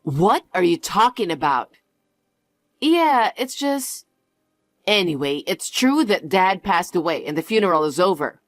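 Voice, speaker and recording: A woman's voice: on the low side, sing-song, unhurried, no echo, clean studio sound. A woman voicing a frantic, pushy mother. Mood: pleading. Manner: pleading, pushy, repeats herself. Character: frantic middle-aged mother, insistent and evasive. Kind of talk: dialogue story acting.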